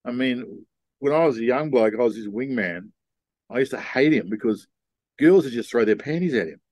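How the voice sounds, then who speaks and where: An older man, talking in an easygoing, rambling manner. His voice sits at a middle pitch and sounds close and dry, with no room around it. He tells his stories loosely, full of asides and restarts. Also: expressive, moderate pace, a little mellow, no echo. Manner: laid-back rambling storyteller. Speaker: guest. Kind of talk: casual storytelling interview.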